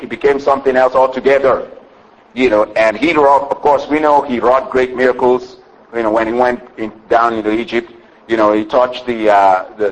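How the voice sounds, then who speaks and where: A man preaching a sermon to a congregation, calling for amens and rising to excited shouts. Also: medium pitch, poor audio. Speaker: pastor.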